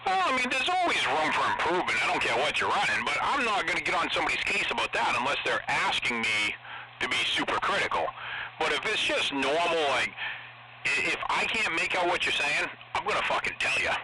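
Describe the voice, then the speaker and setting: A man's voice: fairly high pitch, a little fast. A man on CB radio chatting casually, opinionated and outspoken, with frequent swearing. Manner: animated, opinionated, profane. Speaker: CB radio operator. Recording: CB radio with loud noise.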